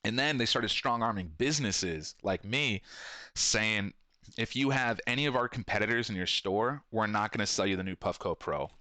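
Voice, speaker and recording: A podcast host and shop owner in his thirties delivers a casual, profane monologue in a fairly low, sharp-toned voice at normal speed with no echo. He rambles, swears a lot, and acts out quotes while telling stories.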